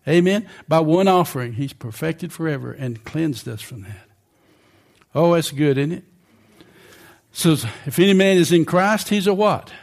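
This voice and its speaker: Checking in with the congregation as he goes, this older man preaches in a conversational way. His gravelly voice is slightly higher than the typical male voice, expressive, and delivered at a moderate pace.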